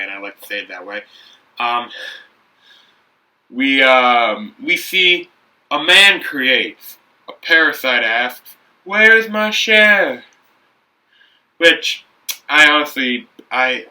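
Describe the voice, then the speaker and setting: A man's voice: medium pitch, bright, forceful tone, distant mic, rough recording. A young man hosting a building video, chatting casually and rambling with frequent restarts and self-corrections. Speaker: brick builder and video host. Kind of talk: casual talk while building.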